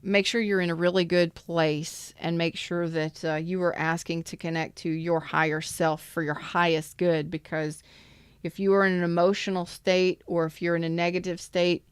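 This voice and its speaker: A woman's voice: on the low side, level tone, normal speed, clear, resonant tone, dry recording. A woman giving a live tarot reading in a chatty, emphatic way and greeting viewers in the chat. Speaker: tarot reader.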